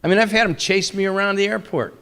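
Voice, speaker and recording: Animated older man telling stories. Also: sits high, fast, clear, resonant tone. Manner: animated storytelling, acts out quoted people. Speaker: speaker at a temple class. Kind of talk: informal sermon with anecdotes.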